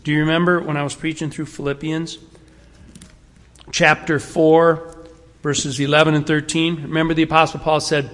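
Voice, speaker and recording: A man preaching a sermon in a conversational, emphatic way, shifting between quick asides and slow, weighted phrases. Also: a little high, little pitch movement, fairly bright tone. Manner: conversational, emphatic, varying pace and volume. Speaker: pastor. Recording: long reverb of a hall.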